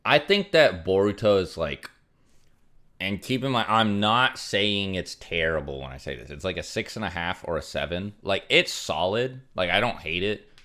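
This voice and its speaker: A man's voice: low voice, lively intonation, normal speed, bright, forceful tone. A young man casually chatting on a livestream, rambling with many fillers as he reads out donations. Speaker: streamer.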